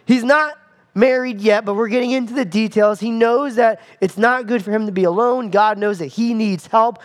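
A man preaching a sermon as pastor, animated, acting out scenes with playful asides. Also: high voice, normal speed.

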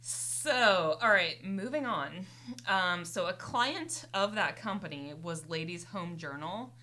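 A woman's voice: lowish voice, lively intonation, takes it slowly, pushed and bright. A young woman hosting a podcast, casually recounting a life story with lots of "um" and "like". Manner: rambling, many fillers and "like". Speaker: podcast host. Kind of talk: casual chat, recounting a biography.

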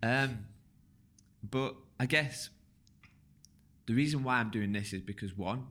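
A man hosting a casual podcast, relaxed and a little slurred when he talks quickly. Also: medium pitch. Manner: relaxed, slurs words when talking fast. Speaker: podcast host.

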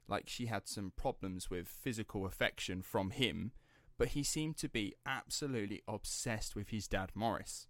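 A man's voice: on the low side, no echo, studio quality. A man hosting a casual true-crime podcast, rambling and laughing as he drifts off script. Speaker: podcast host.

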